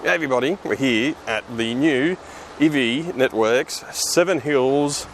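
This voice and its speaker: An upbeat Australian man hosting a casual walkaround vlog, his voice sitting in a middle pitch. He talks outdoors at a service station, with clear music playing behind him. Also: measured pace. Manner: chatty, upbeat presenter. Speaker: EV channel host.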